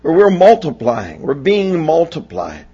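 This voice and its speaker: A man's voice: fairly high pitch, huge pitch swings, unhurried, dark tone, slightly rough, dull audio. A pastor in his sixties from Pennsylvania, preaching a sermon with folksy, humorous storytelling. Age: 60s.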